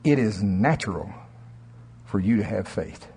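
A man preaching a sermon in church, telling stories in an animated way and often laughing. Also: lowish voice, measured pace, a little hiss or hum. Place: church sanctuary.

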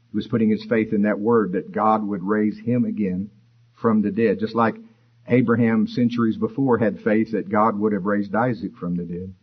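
A man preaching a sermon, explaining scripture in a conversational way and rising in pitch for emphasis. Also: lively intonation, moderate pace, husky, highs cut off. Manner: expository, conversational, rises for emphasis.

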